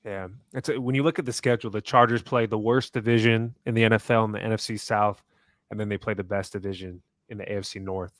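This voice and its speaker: A man co-hosting a casual sports podcast, talking quickly and hedging his picks. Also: lowish voice, fairly even intonation, a bit bright, dry recording. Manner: quick, hedging, restarts thoughts. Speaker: podcast co-host.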